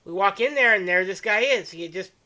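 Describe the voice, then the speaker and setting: Podcast host, crude joker, bright edgy tone, mid pitch. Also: animated, fast talker. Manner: crude joking storyteller. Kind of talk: casual chat.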